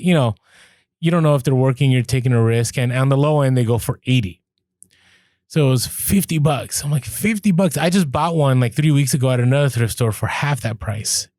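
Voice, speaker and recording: Lively man telling a thrifting story. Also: mid-range voice, no room sound, studio quality. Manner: animated, laughs through stories, acts out quoted lines. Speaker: podcast co-host. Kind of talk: casual storytelling chat.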